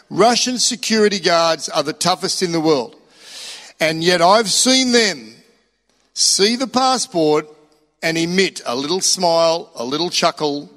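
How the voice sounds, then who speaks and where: A middle-aged Australian man preaching in a somewhat high voice, telling stories in a chatty, emphatic way. His voice rings out with a long reverb, as in a church hall. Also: fairly bright tone. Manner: chatty storytelling, emphatic rises. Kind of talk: sermon.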